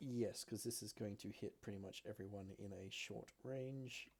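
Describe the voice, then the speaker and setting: A man narrating as game master, giving relaxed, matter-of-fact rulings with soft fillers. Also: lowish voice, normal speed, breathy edge. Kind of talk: narrating a tabletop game over a call.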